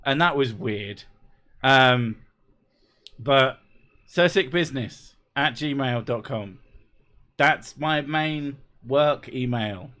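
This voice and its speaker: A man's voice: medium pitch, takes it slowly, long pauses, pushed and bright. A man chatting casually on a live stream, reading out viewer messages; he is laid-back and sweary, and he laughs often. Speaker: YouTuber reading live chat.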